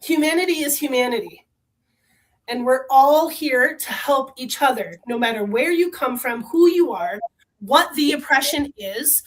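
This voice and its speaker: A woman with a bright, high voice, speaking with the full force of a trained singer. She talks fervently and bluntly, swearing freely as she makes her case in casual conversation. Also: lively intonation, unhurried, poor audio. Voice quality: trained, strong voice. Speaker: podcast guest. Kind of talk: impassioned conversational rant.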